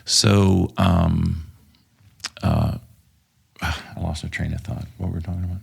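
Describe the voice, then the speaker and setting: Gravelly low-voiced man from Texas. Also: steady tone, slow. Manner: profane, hesitant with many fillers. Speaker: podcast guest, former police officer. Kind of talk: casual storytelling.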